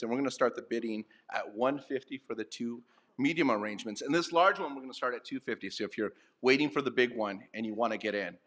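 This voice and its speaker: A man speaking at a charity luncheon, making a donation appeal and then running a playful live auction with rapid bid calls. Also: medium pitch, a bit bright. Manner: upbeat, rapid auction calls with self-deprecating asides. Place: banquet hall at a luncheon.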